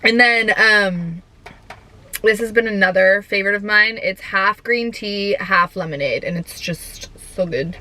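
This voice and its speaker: Bright-voiced chatty young woman vlogger. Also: medium pitch, a little slow, slight background noise. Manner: chatty, giggly, lots of filler "like". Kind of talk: casual chat.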